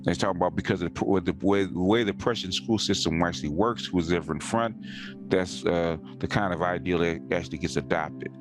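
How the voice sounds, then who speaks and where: Deep-voiced man, insistent, music beneath. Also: brisk. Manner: emphatic, insistent, leans on repeated words. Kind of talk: casual conversation.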